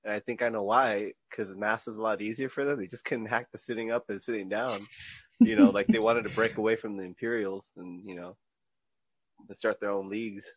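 A man hosting a podcast in casual chat, swearing freely and telling animated stories. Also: fairly low pitch, brisk. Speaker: podcast host.

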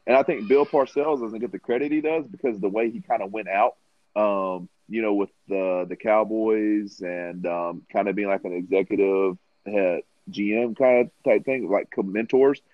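Man, low voice, rambling with lots of fillers, casual sports chat, dry close sound, dull lo-fi podcast audio. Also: normal speed, no room sound. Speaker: podcast co-host.

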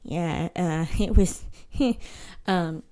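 A young woman co-hosts a podcast in a fairly low-pitched voice, speaking extremely slowly. She chats casually as an animated storyteller, laughing often and acting out voices.

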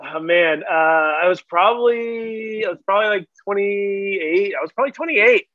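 A man's voice: high-pitched, moderate pace, no echo. A man in his thirties hosting a podcast, laid-back and swearing casually, calling people "dude.". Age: 30s. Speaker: podcast host. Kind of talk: casual chat. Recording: dry, dull lo-fi sound.

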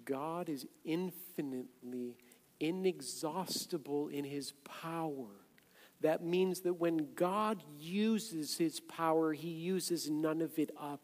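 A man preaching a sermon as a pastor, conversational and then loud and emphatic. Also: fairly high pitch, slow. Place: church sanctuary. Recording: echoey hall, long reverb.

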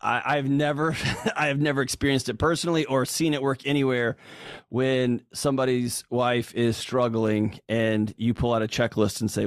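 A man with a drawl speaks in an easy, storytelling podcast manner at a middle pitch. He jumps into the voices of the people he quotes and leans hard on key lines. The sound is close and dry. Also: normal speed, dry recording. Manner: animated, acts out quoted voices, emphatic. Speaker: guest speaker on relationships. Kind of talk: casual storytelling chat.

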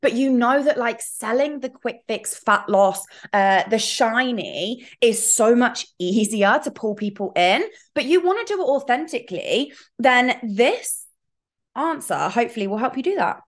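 A fitness coach hosts her solo coaching podcast, chatting frankly, drifting into asides, and swearing playfully. Her voice is on the high side, animated, and unhurried. It's a casual solo podcast.

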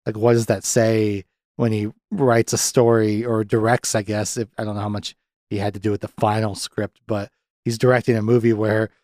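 A man hosting a casual podcast film review, animated, often jumping into high-pitched voices to act out characters' lines and laughing a lot. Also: moderate pace, dry recording, clean studio sound. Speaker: podcast host.

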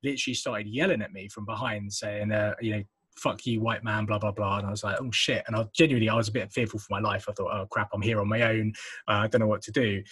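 Husky man telling a story. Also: on the low side, fast, no room sound. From England. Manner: animated, swears casually. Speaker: podcast host. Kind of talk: casual chat, storytelling.

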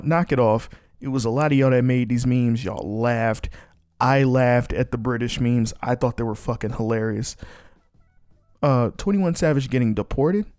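A man's voice: medium pitch, a little mellow, no echo, studio quality. A man hosting a podcast on his own, ranting bluntly and casually with plenty of swearing. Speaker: podcast host. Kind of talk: casual solo commentary.

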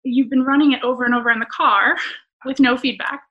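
A woman's voice: high-pitched, a little fast, highs cut off. A woman in her thirties, a stand-up comedian, telling stories in a casual interview with lots of laughter. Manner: animated, laughing storyteller.

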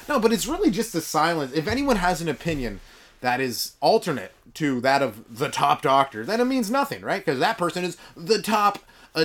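A man's voice: on the high side, a bit bright. A man hosting a solo comedy podcast, rambling and sarcastic. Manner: rambling, sarcastic, mumbles asides. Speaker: podcast host. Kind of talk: stand-up comedy monologue.

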